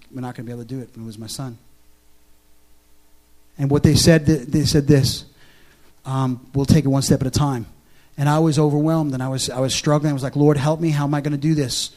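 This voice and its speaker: A man preaching in a church, moving from hushed storytelling to loud, fervent altar-call exhortation. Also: a little high. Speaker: pastor. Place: church service with music behind.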